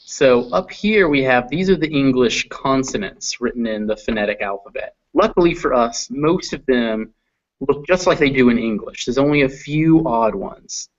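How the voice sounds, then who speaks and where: A man's voice: mid-range voice, moderate pace. A man teaching a phonetics lesson, patiently sounding out vowels and example words. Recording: dull lo-fi recording.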